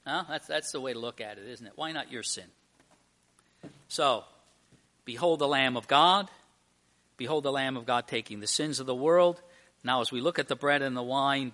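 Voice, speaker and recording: A man's voice: mid-range voice, bright, forceful tone. A male pastor preaching a sermon to his church at communion, emphatic and full of rhetorical questions.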